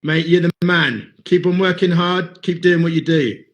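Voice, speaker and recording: A man hosting a live call-in boxing show, enthusiastic and quick with praise and repeated encouragement. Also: a little high. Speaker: host. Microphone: phone or video call.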